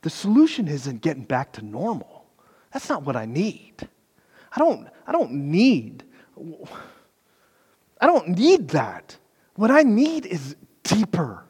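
A fairly high-voiced man preaching with passion. He drops to quiet reflection, then builds to loud, pleading questions, and slips in casual asides. His voice rings with a long reverb, as in a big hall. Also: slightly rough. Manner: impassioned, swings from soft to loud. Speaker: pastor. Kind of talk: sermon.

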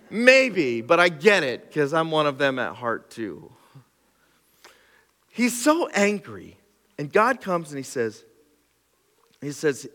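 A man preaching a sermon as pastor, animated and storytelling, moving between loud exclaiming and quiet reflection. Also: fairly high pitch, takes it slowly, pauses often. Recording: reverberant hall.

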